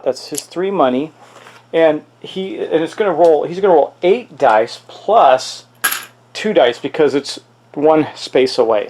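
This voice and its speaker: A man's voice: on the high side, darkish tone. A man hosting a solo tabletop game playthrough, thinking aloud and exclaiming at dice rolls. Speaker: host playing a tabletop miniatures game.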